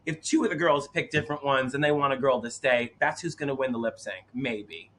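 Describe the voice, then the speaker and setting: Animated bright man doing silly voices. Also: mid-range voice, brisk. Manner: animated, dramatic, mimics people's voices. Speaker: co-host. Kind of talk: casual recap chat.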